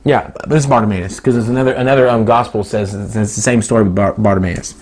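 Preaching a sermon at a fast pace, a man in his thirties is animated and laughs often, leaping up into high, excited tones.

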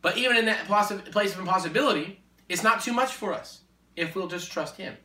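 A man preaching in a conversation, emphatic and repetitive, building to forceful exhortation. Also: sits high, fairly quick. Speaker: Christian speaker. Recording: echoey room, distant mic.

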